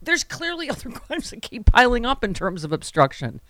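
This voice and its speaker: A woman hosting a political talk show, chatting casually with quick, wry, joking asides. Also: a little high, big pitch swings, fairly bright tone. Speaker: talk radio host.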